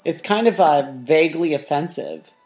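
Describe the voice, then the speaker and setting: A man's voice: a little high, lively intonation, moderate pace, a little mellow, faint music behind. A man co-hosting a casual podcast chat, with a dry, teasing manner. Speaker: podcast co-host.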